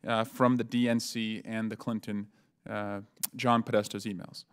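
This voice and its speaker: A man, a congressman, questioning witnesses at a congressional hearing in a measured way with frequent pauses and fillers. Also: lowish voice, level tone, clear, resonant tone. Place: hearing room.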